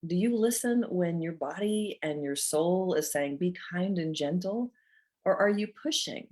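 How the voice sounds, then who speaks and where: A woman's voice: fairly low pitch, animated, measured pace, a little mellow. A middle-aged woman hosting a motivational talk, telling a personal story in an earnest, heartfelt way. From North Georgia, USA. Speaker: host.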